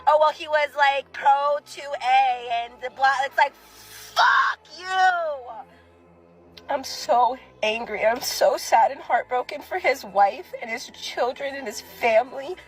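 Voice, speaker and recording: A woman's voice: high-pitched, measured pace, few pauses, rough recording. A woman in an emotional rant to camera, angry and close to tears, swearing hard. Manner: angry, tearful, profane outburst. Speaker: social media video poster.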